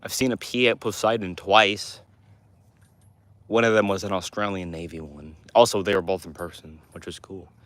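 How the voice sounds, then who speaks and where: Teen male streamer, low-ish voice, loose and rambling while reading chat. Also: steady tone, normal speed, a bit bright, dry recording. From Montana, US. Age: teens. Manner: rambling, with restarts and fillers. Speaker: livestream host answering chat. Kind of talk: casual livestream chat.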